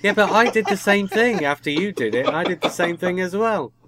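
A man's voice: sits high, expressive, brisk, noisy background. Chatty man hosting a podcast. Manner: chatty, leads the discussion, reads listener notes. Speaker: podcast host. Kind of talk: casual group chat.

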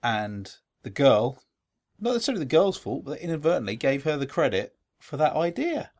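A man's voice: on the high side, sing-song, fairly quick, darkish tone. An English man co-hosting a podcast, telling rambling stories and swearing casually. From England. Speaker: podcast co-host. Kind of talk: casual chat.

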